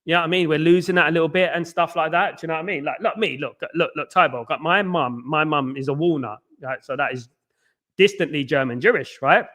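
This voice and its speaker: A man's voice: fairly high pitch, quick pace, sharp tone. A man hosting a live football watchalong, chatting casually and rambling as he answers viewers' comments. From England. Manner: chatty and rambling, many restarts and fillers, talks straight to viewers.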